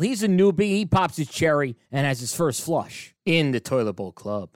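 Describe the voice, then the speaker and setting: A man hosting a comic morning radio show, telling stories and often getting worked up to shouting. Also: on the high side, big pitch swings, normal speed, hardly any pauses, no echo, soft background music. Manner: storytelling, rising to exasperated shouting.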